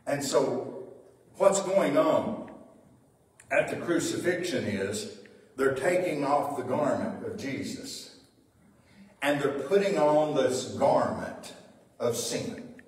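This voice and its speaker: A man preaching an animated sermon in a church, reading scripture aloud and explaining it. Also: mid-range voice, slow pace. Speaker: pastor. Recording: echoey church hall, mic far off.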